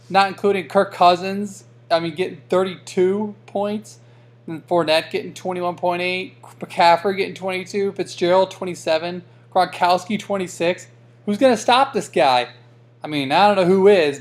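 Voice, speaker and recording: A fantasy league commissioner runs through the week's matchups in a loose, joking way. The delivery is full of uh's and um's and friendly trash talk. The voice sits at a middle pitch. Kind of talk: casual weekly league recap.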